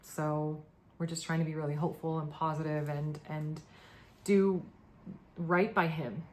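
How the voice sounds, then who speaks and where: Woman vlogger, low voice, sleep-deprived, earnest and halting. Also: level tone, darkish tone, slight background noise. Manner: emotional, halting, many fillers and restarts. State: tired from lack of sleep. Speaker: pet owner vlogger. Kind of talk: casual to-camera update.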